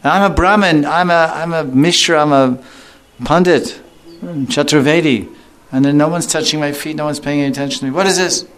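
A man's voice: fairly high pitch, brisk, a bit bright, pitched above the performer's own voice, natural voice. A man voicing an envious, self-important male Brahmin in indignant outbursts.

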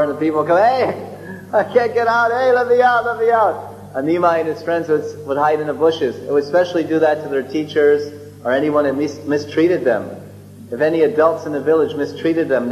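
A man recounts a sacred story as a sermon, chuckling and wandering off into asides as he restarts his sentences. His voice sits a little high. It rings through a long, reverberant hall on a dull recording with a faint hum. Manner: chuckling, digressive, many restarts. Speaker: religious storyteller.

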